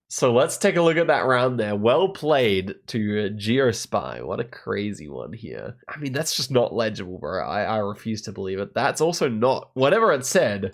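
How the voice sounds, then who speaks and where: Sick-voiced man doing excitable game commentary. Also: mid-range voice. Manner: excitable, reacting aloud with disbelief. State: sick, rough voice. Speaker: channel host and game player. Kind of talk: live gameplay commentary.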